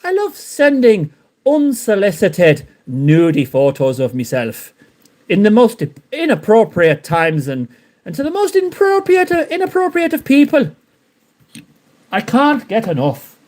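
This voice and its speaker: A cheeky, shameless Irishman with a put-on Irish accent, as a streamer does a friend's voice. He talks high and excited, swoops all over the place, and keeps bursting into laughs. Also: a little slow, exaggerated voice. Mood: gleeful.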